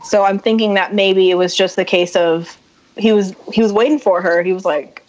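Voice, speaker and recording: A woman's voice: medium pitch, normal speed. A woman guest on a podcast, telling a story in casual talk and acting out what others said. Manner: animated, acts out quotes. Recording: dull lo-fi sound.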